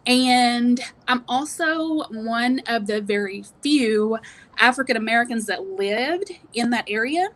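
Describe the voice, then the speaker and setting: A woman's voice: fairly high pitch, animated, takes it slowly, a bit bright. A woman in her thirties from East Tennessee, with a light East Tennessee accent, telling her life story as a guest on a video call. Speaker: guest entrepreneur.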